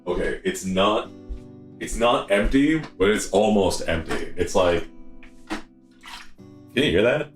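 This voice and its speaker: Very deep-voiced man with a stuffy nose. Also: lively intonation, takes it slowly, pauses often, soft background music. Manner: rambling, playful. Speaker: streamer. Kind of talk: casual chat stream. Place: small city apartment, indoors.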